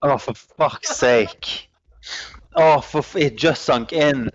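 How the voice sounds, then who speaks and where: Amused, swearing game player. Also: male voice, medium pitch, takes it slowly, dull audio. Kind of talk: casual chat at a game table.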